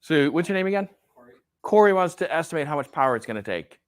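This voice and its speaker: A man's voice: on the high side, animated, fast. Casual male professor lecturing a class. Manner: conversational, checks in with "right?" often. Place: lecture hall.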